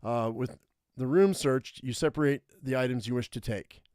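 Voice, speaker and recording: A young adult man streaming live, reading an interactive survival story aloud and thinking out loud over his choices. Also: medium pitch, moderate pace, no echo, clean studio sound.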